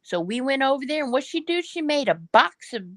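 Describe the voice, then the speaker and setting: A woman telling a story in a relaxed, drawling way during a casual chat. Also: sits high, brisk, background noise.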